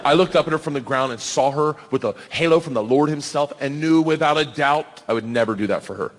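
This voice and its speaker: Stand-up comic, man in his thirties, highish voice, rowdy storyteller; live stage recording with hall reverb. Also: brisk, a crowd in the background. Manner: loud animated storytelling, yelling bits, laughing through lines. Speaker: stand-up comedian. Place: comedy club stage before a laughing audience.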